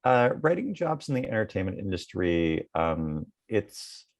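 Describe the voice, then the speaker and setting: A man's voice: fairly low pitch, sing-song, a little slow, no echo. A man in his thirties, a comedy writer, answering interview questions in a rambling way full of fillers.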